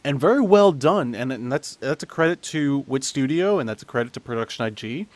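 A man's voice: medium pitch, animated, brisk, no echo. A man hosting a casual anime review podcast, chatty, with frequent restarts and laughs. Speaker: podcast host.

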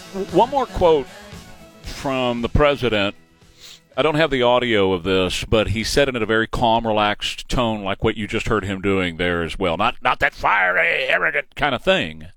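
A man's voice: medium pitch, sing-song, normal speed, gravelly, a bit bright, no room sound, faint music behind. A man in his forties with a Texan accent, hosting a political talk radio show in an emphatic, opinionated way, repeating points for emphasis. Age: 40s. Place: radio studio. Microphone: studio microphone.

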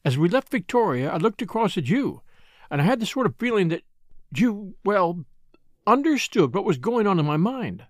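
A man's voice: high-pitched, very animated, normal speed, dry recording, clean studio sound. A man voicing Ruth, an eager, troubled rich woman. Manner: eager, pleading. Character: wealthy, spoiled young woman, restless and distressed.

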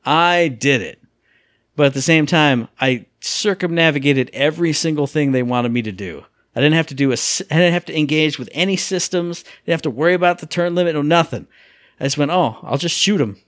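This podcast co-host talks casually about video games, animated and acting out sound effects and voices. His voice is a little high and brisk, recorded dry with studio quality.

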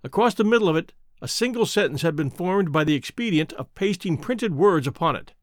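A man reading a classic mystery aloud in a measured, expressive narration, in a dry close recording. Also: sits high, no echo. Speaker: audiobook reader. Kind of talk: scripted narration.

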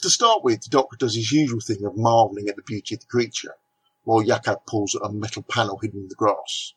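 A man reads a scripted comic review in a steady, measured way. His voice is low-pitched with a husky grain.

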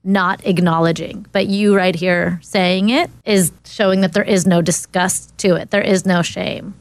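A woman's voice: fairly low pitch, steady tone, unhurried, no echo. A woman in casual podcast chat, speaking in a supportive and affirming way.

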